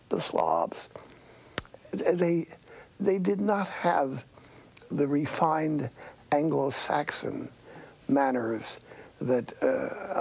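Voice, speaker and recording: Older man, priest, sermon, raspy breathy voice, gravelly, slow, wry and earnest. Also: fairly high pitch. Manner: storytelling, wry and earnest, many hushed breathy asides.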